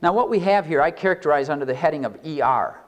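A pastor delivers a sermon, reading scripture slowly and deliberately in an expressive voice. He preaches emphatically, stressing key words with wide swings in pitch and loudness and slowing down on important phrases.

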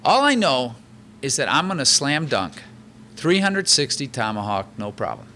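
A man preaching a sermon in an animated, conversational way, reading verses and explaining them with everyday examples. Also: mid-range voice, moderate pace, a little hiss or hum. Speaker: pastor.

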